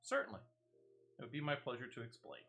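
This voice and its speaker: A man's voice: mid-range voice, sing-song, fast talker, gravelly, bright, forceful tone, soft background music, heavily acted. A man reading as a polite game clerk. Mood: courteous. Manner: reads dialogue aloud plainly.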